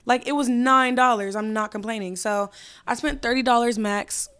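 Hoarse young woman chatting on her podcast. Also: on the high side, steady tone, moderate pace, fairly bright tone. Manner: chatty, candid, slangy. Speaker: podcast host. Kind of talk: casual solo podcast chat.

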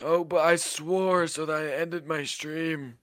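A man putting on a slow, drawn-out, polite voice for a streamer persona. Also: fairly high pitch, fairly even intonation, a bit bright, no room sound, clean studio sound, pitched above the performer's own voice. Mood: mild, polite.

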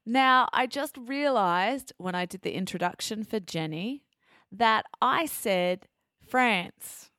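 An Australian woman hosts a podcast for English learners in a chatty, self-correcting way. She talks slowly and spells out meanings with care. Her voice sits close and dry, with no room sound around it. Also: fairly high pitch, animated, fairly bright tone, dry recording. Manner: chatty, self-correcting, explains words carefully. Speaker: podcast host.

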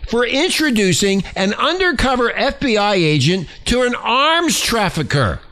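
A man hosts a talk show, raging and cursing as he reads out a story. His voice sits high and bright, and his pitch leaps around as he shouts. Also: sing-song, unhurried. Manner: angry, shouting, profane ranting. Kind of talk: ranting talk show commentary.

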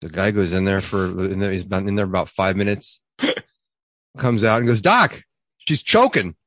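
A man's voice: low voice, fairly quick, no room sound, clean studio sound. A man co-hosting a podcast, telling crude jokes with swearing and frequent laughter. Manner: swearing, laughing, animated joke delivery. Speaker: podcast co-host. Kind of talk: casual joke-telling chat.

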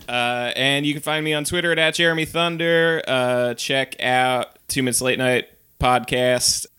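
A man's voice: mid-range voice, unhurried, sharp tone, smooth. A man co-hosting a podcast in laid-back, chuckling casual chat. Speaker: podcast co-host.

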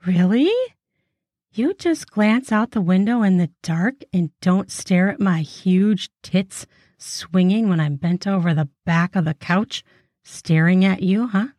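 A woman's voice: medium pitch, unhurried, a little mellow, no room sound, clean studio sound, lightly acted. Woman voicing a bold teasing older woman. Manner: sultry, teasing, hissing. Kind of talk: erotic audiobook reading.

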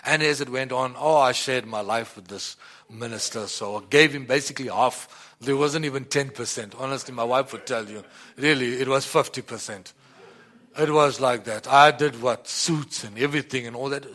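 A man giving a personal testimony in a rambling, halting way, often repeating "you know" and "like that.". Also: medium pitch, a bit bright. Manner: halting, many restarts and fillers. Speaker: church member giving testimony.

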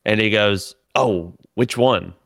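A man telling profane, animated stories about a comedy tour in casual podcast chat. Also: on the low side, takes it slowly, vocal fry, no room sound, clean studio sound. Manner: profane, animated storytelling with laughs.

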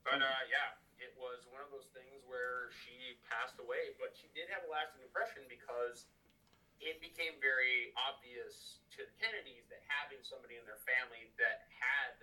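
A man with a very bright, sharp tone talks through a casual podcast chat, rambling and profane. He sits a little back from the microphone, so his voice sounds somewhat distant. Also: medium pitch, steady tone, moderate pace. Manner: rambling, profane, heavy on filler words. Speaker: podcast co-host and researcher.

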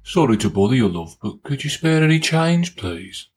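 A man playing a meek, husky homeless man. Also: mid-range voice, sing-song, moderate pace, darkish tone. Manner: polite, hesitant.

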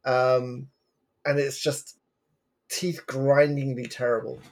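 A man's voice: medium pitch, level tone, takes it slowly. Man bluntly criticizing a film. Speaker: podcast co-host. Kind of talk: casual movie review chat.

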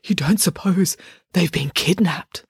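A woman's voice: on the low side, unhurried, breathy edge, no room sound, clean studio sound, heavily acted. A woman voicing a nervous, paranoid middle-aged father who startles at everything. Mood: jittery. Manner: nervous, alarmed exclamations.

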